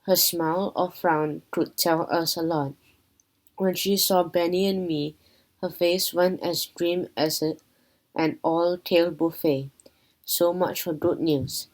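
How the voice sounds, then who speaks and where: Slow, low-voiced woman reading aloud. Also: steady tone, a little mellow, poor audio. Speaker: reader. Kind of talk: reading a children's chapter book aloud.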